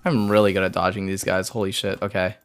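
A man streaming a game live, talking to himself in an excitable way, repeating phrases and swearing as he plays. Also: low-pitched, quick pace, soft background music. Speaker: gaming streamer. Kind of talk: live gameplay commentary.

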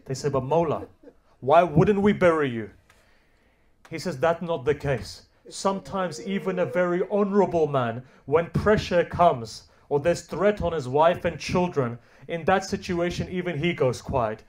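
A man's voice: a little high, animated, measured pace. A man delivering a Muharram sermon, retelling a story with rising and falling emotional intensity. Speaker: religious speaker.

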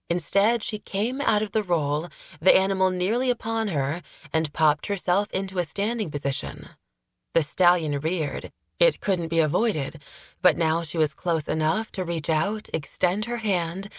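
Low-voiced woman narrating a fantasy audiobook. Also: no room sound, clean studio sound. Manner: steady, measured storytelling.

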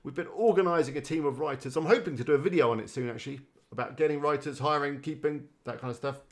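A man's voice: on the high side, fast. A man chatting casually on a live stream, rambling and greeting viewers by name. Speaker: live-streaming website builder.

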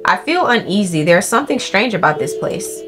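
Casting: woman reading a nervous middle-aged male customer, plain read-aloud tone, mid pitch, game music underneath. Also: big pitch swings, normal speed, lightly acted. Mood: uneasy.

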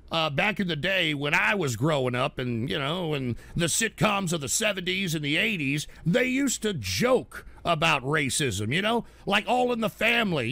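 Gravelly, loud ranting middle-aged man. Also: sits high, no room sound. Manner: loud, profane, abrasive, shouts at chatters. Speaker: livestream host. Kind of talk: ranting live show commentary.

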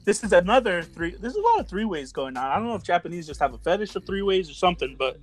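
High-voiced, profane, excitable man. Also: fast. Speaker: podcast co-host. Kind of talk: casual chat.

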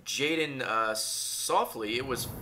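A man's voice: mid-range voice, slow, noisy background. A man giving casual livestream commentary over gameplay, joking and bantering with chat. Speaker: streamer. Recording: game music playing behind.

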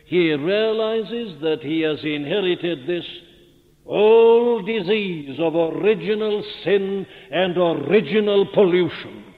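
A man's voice: fairly high pitch, phone-quality sound. A man preaching a sermon with earnest rhetorical questions, building to fervent emphasis, recorded on an old archival tape. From Wales. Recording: old archival tape, phone-thin sound, long hall reverb.

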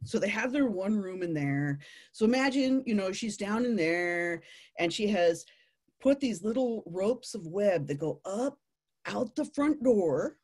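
A woman telling a playful nature story to families, animated and laughing often. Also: mid-range voice, a little slow, husky.

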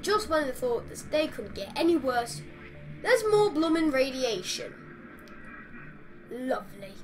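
With soft background music behind her, a woman gamer speaks in a high voice with big pitch swings and a measured pace. She chats through her game in exasperated commentary, talking to the creatures she sees.

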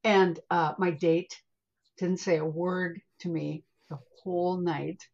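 Speaking slowly in a husky, breathy, fairly low voice, an older American spiritual healer shares a personal story as a podcast guest. She's chatty, calls the listener "honey," and animates her vivid retelling with acted-out asides, all on slightly dull, lo-fi audio.

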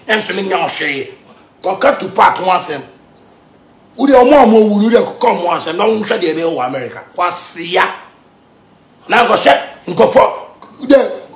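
A Ghanaian man rants in a high, gravelly voice, swinging from shouted outbursts to low mutters. The sound is echoey, as if recorded in a bare room. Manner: heated, lurches between shouting and muttering. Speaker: musician. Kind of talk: ranting monologue.

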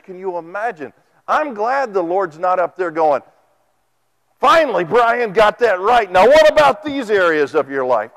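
Animated, high-voiced male preacher. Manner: animated, folksy, acts out quotes. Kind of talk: sermon. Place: church sanctuary. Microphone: microphone.

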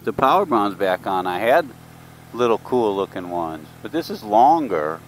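A man's voice: on the low side, big pitch swings, normal speed. A man talking casually while he rides his motorcycle, rambling through stories for his vlog on a helmet mic. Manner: rambling, chatty storytelling. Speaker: motovlogger. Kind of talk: casual ride commentary. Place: outdoors on a moving motorcycle. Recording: wind and road noise.

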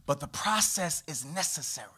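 Animated man preaching a sermon. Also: moderate pace, slightly rough. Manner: animated preaching with sweeping pitch and volume. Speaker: pastor. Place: church.

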